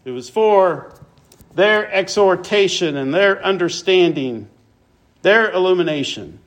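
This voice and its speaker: Male preacher, high voice, slow deliberate delivery, sermon, scripture reading. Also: expressive, a bit bright. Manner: expository preaching, reads scripture aloud, rises in pitch for emphasis.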